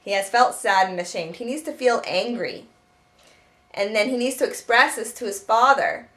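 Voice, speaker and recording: Woman talking self-help, kinda high voice, earnest, keeps restarting sentences. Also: big pitch swings, moderate pace, a bit bright. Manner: earnest, explaining with many restarts. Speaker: self-help teacher and children's author. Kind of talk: spoken self-help advice.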